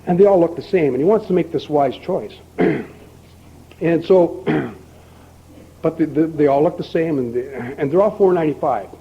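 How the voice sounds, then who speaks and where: An older man speaking at a recovery meeting, telling a long folksy joke and acting out both characters with lively emphasis. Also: on the high side, moderate pace, gravelly, breathy edge. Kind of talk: storytelling talk at a recovery meeting. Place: meeting hall. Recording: dull lo-fi archival tape with faint hiss.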